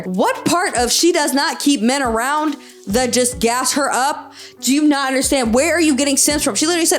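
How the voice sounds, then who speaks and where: A woman's voice: sits high, expressive, normal speed, soft background music. A young woman hosting a podcast, reading out online stories and reacting with sarcasm, swearing and laughter. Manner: sarcastic, exasperated, swears often, laughs a lot. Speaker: podcast host.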